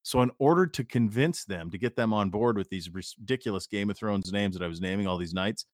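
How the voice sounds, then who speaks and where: A man's voice: on the low side, brisk, no echo, clean studio sound. A man co-hosting a podcast, rambling through stories in casual chat and swearing lightly. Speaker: podcast co-host.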